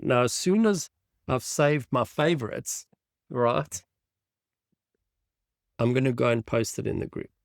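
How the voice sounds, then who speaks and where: A design instructor with a gravelly, mid-range voice teaches a tutorial over a screen share, clean studio sound, no room echo. He thinks aloud enthusiastically while clicking through images.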